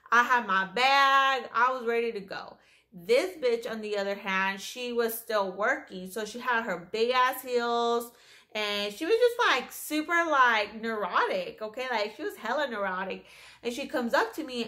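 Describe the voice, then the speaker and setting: A young woman telling a story in a casual vlog, animated, emphatic and full of swearing. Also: on the high side. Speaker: storyteller vlogger.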